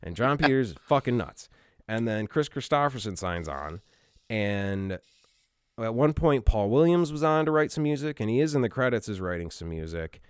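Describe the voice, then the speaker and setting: A man's voice: mid-range voice, big pitch swings, moderate pace, smooth, no echo, studio quality. A man casually telling a long, profane story as a podcast co-host. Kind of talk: casual chat.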